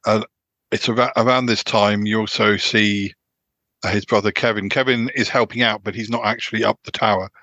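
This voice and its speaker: British male podcast host, lowish voice, meandering and relaxed, dry sound. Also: a little fast, dry recording. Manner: rambling, pieces thoughts together as he goes. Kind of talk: casual chat about TV dramas.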